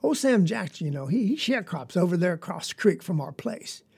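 A woman's voice: fairly low pitch, big pitch swings, fairly quick, gravelly, darkish tone, husky, heavily acted. A woman with a Southern US accent playing a young farm girl who tells a story in a rambling, folksy, confiding way. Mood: earnest. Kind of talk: dramatic monologue.

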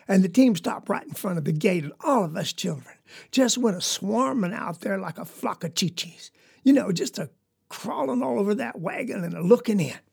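A woman's voice: mid-range voice, lively intonation, moderate pace, vocal fry, darkish tone, breathy edge, heavily acted. A woman with a Southern US accent playing a young farm girl who tells a story in a rambling, folksy, confiding way. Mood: earnest. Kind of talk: dramatic monologue.

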